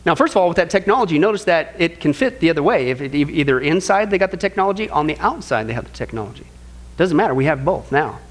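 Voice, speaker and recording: A man's voice: on the high side, very animated, fast talker. A man teaching a sermon-style Bible study, speaking emphatically, calling listeners "folks" and piling up repeated phrases and rhetorical questions.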